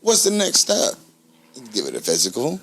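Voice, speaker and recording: A man on a casual comedy podcast with a middle-pitched voice that moves a lot. He riffs on everyday annoyances and slips into high put-on voices to mimic phones and assistants. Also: wildly swooping pitch, moderate pace, a bit bright. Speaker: podcast co-host.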